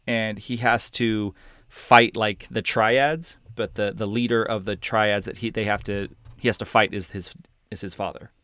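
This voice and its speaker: Rambling podcast host, dry sound. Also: male voice, lowish voice, a bit bright, smooth, dry recording. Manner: loose, rambling, swears freely, many restarts. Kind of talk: casual chat.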